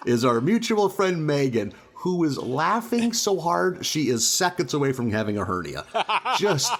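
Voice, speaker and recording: A man co-hosting a podcast, a stand-up comic telling a profane, animated story in casual chat, often laughing. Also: mid-range voice.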